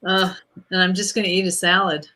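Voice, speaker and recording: A woman co-hosting a casual livestream of readings, chatty and quick to laugh. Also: fairly low pitch, level tone, bright, forceful tone. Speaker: co-host doing readings.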